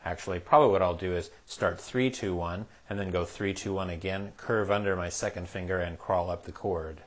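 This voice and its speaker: A man with a low, deep voice teaches a jazz piano solo step by step, patient and methodical as he counts the beats aloud. Clear piano playing sounds behind him. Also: steady tone, fairly quick, hardly any pauses. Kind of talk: step-by-step music lesson.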